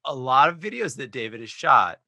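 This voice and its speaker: A man who acts and teaches improv, a guest on a casual podcast, telling stories in a lively and expressive way. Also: medium pitch, a little fast, no echo.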